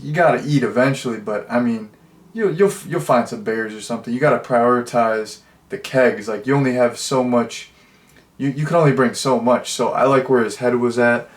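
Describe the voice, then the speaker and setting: Male movie reviewer, mid-pitched, casual and rambling, filler-heavy with deadpan humor. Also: normal speed, reverberant.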